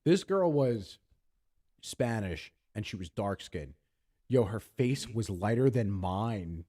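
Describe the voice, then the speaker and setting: A man's voice: on the low side, sing-song, slow, warm tone. Rambling, profane man telling a story. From Pennsylvania, USA. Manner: rambling, profane, acts out voices in his stories. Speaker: podcast co-host. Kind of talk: casual storytelling chat.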